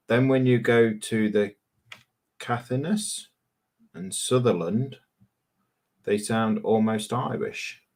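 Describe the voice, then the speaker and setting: A man, co-hosting a casual live chat stream and teasing his co-host. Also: lowish voice. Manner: teasing, jokey. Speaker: livestream co-host.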